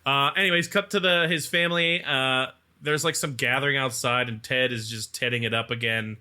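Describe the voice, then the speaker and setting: A man co-hosting a podcast, casually retelling a movie's plot and acting out its lines in quick mock voices. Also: mid-range voice, steady tone, sharp tone, clean tone. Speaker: podcast co-host. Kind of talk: casual movie recap chat.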